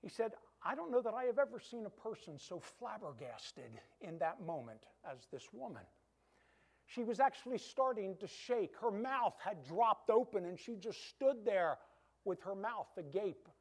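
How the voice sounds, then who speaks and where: A male preacher with a notably high voice tells a story in a sermon. He retells it through quoted dialogue, keeping it animated and moving. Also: normal speed.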